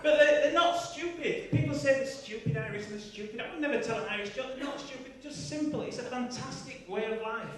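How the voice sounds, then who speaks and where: A man's voice: extremely high pitch, fast, hardly any pauses. A man in his fifties performing a stand-up comedy routine, chatty and teasing the crowd with tag questions. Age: 50s. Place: large comedy venue, live audience. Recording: echoey venue from far off with crowd. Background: audience laughter.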